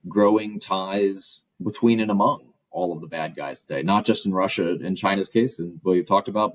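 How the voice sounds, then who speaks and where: Guest academic, male, low husky voice, measured and analytical. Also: no echo, poor audio. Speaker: guest author and professor. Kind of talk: interview answers.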